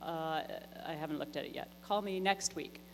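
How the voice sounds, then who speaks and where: A woman's voice: low-pitched, normal speed, big-room sound, background noise. A woman voicing an easygoing male repairman who keeps putting her off in an offhand, breezy way.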